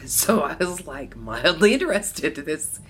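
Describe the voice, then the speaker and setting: A middle-aged woman from Las Vegas telling a personal story to camera, animated, with bursts of laughter between lines. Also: sits low, measured pace, slightly rough. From Las Vegas, USA. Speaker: vlogger.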